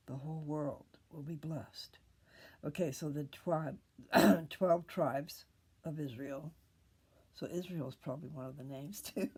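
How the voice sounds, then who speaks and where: An older woman hosting a casual scripture talk, rambling, pausing often and drifting into whispers. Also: low voice, warm tone, breathy edge. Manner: rambling, pauses often, loses her train of thought. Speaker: video host reading scripture.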